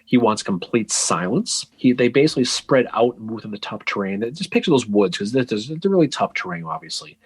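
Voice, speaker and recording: Animated husky-voiced man telling history. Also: fairly low pitch, brisk, few pauses, no echo. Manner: animated storytelling with jokes and restarts. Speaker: podcast co-host. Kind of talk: casual history podcast chat.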